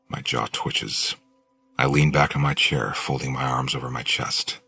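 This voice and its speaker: A male audiobook narrator reads a first-person novel at an even, measured pace. His voice is extremely deep, with a gravelly, husky texture. The recording is dry and close to the microphone. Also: no echo, faint music behind.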